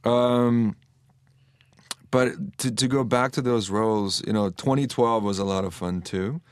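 A man with a lowish voice, recorded dry and close with no room echo. He talks earnestly and reflectively as an interview guest, thinking aloud and often restarting his sentences. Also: a little slow, smooth. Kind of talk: casual interview chat.

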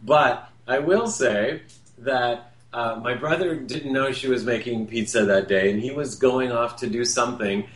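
A man's voice: medium pitch, unhurried, a bit bright. A man hosting a radio talk show, telling a personal story in a casual, rambling way with restarts and self-corrections. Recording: roomy echo, faint background hum.

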